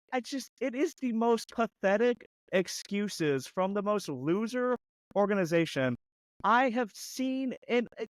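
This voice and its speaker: A man co-hosting a sports podcast, ranting heatedly and mocking a team with rapid-fire rhetorical questions, his voice going hoarse. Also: high-pitched, no room sound. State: losing his voice. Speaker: podcast co-host.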